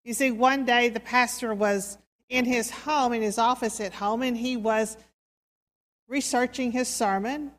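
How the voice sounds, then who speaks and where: A woman preacher tells a sermon story slowly and softly, with dramatic pauses. Her voice sits fairly high, and it rings with the long reverb of a church. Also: fairly even intonation. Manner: slow, soft, dramatic storytelling. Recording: reverberant hall.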